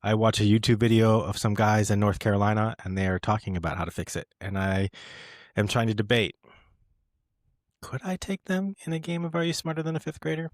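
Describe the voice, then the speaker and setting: A man's voice: lowish voice, brisk, dry recording, studio quality. A man co-hosting a podcast in casual chat, teasing and telling stories. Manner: playful, teasing, storytelling. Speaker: podcast co-host.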